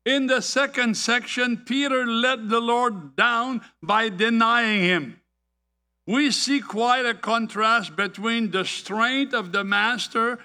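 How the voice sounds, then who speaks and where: A man preaching a sermon, deliberate and full of rhetorical questions and anecdotes. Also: very high-pitched, pushed and bright, smooth.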